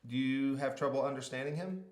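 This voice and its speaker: A man's voice: mid-range voice, fairly quick, roomy sound. A man hosting a children's church video, coaxing a child through a mouthpiece game and turning it into a short Bible lesson. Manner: laughing, coaxing, animated. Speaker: children's ministry host. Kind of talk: playful kids' devotional.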